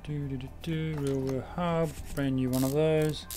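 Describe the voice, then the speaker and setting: In a warm, slightly high voice with fairly even intonation, an unhurried man streams a car repair game against faint background music. His Australian accent marks him as being from South Australia, and his casual commentary rambles a little, chatty and sometimes losing its train of thought.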